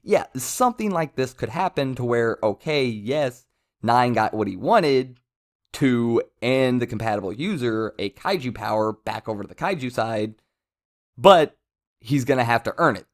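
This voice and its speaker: A man's voice: medium pitch, expressive, measured pace. A man giving casual commentary as a manga reviewer, rambling with self-interruptions and amused asides.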